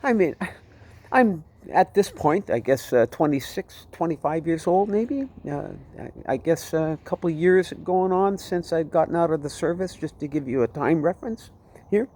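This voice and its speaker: A man's voice: fairly high pitch, animated, normal speed, warm tone. A man telling his personal testimony in a vivid, dramatic way. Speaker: storyteller giving his testimony.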